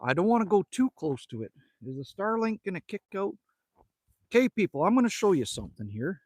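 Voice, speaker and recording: A man's voice: sits high, big pitch swings, a little fast, a little mellow, no room sound. A middle-aged man from Canada hosting a casual live stream outdoors at his rural cabin, ranting, joking and greeting viewers by name. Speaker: livestream host.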